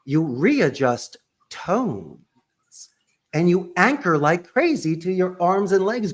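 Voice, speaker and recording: On a podcast, a guest who runs a call center gives an animated interview, making emphatic, punchy points with plenty of sports and pop-culture references. His voice is high-pitched and sing-song, and he speaks slowly.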